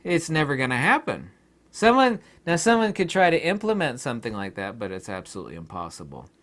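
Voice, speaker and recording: A man's voice: medium pitch, huge pitch swings, fairly quick, fairly bright tone. A man hosting his own channel, talking in a rambling casual monologue, often laughing and acting out imagined exchanges. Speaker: YouTube channel host.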